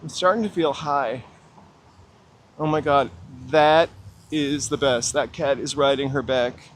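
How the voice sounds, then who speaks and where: A man's voice: medium pitch, fairly even intonation, unhurried. A middle-aged man hosting a casual walking live-stream outdoors, chatting to viewers with joking, self-deprecating asides. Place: outdoors on downtown city streets and through tunnels. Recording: faint city street noise. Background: city traffic ambience.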